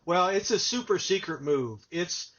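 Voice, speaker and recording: A man's voice: sits high, measured pace. A man hosting a casual podcast conversation, telling stories and acting out what people said. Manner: animated storyteller, acts out quotes. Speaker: podcast host. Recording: dull lo-fi audio.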